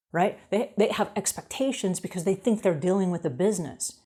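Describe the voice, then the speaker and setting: A woman's voice: lowish voice, a little fast, few pauses, dark tone, slightly rough. A middle-aged woman hosting an advice show about house cleaning. She talks straight to her viewers, repeats her key points and asks rhetorical questions. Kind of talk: direct-to-camera advice talk.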